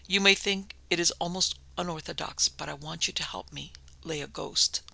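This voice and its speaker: Determined young heroine, occult-savvy, read by a man; crisp, bright, gravelly voice. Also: fairly high pitch, normal speed, full character voice, low-quality recording. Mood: persuasive. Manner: earnest, commanding. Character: resolute young woman versed in the occult. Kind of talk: audiobook character voice.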